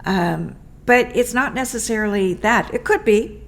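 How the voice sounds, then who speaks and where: A woman medium talks through a healing prayer at a very unhurried pace. She is gentle and repetitive, with soft fillers and a mid-range pitch. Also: vocal fry. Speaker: spiritual medium. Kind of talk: unscripted spiritual talk.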